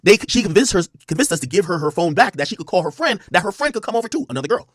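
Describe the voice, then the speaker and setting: A man hosting a podcast, telling a story in rapid, emphatic, slang-heavy casual talk. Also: sits high, sing-song, fairly bright tone, no echo, studio quality. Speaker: podcast host. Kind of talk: casual monologue to camera.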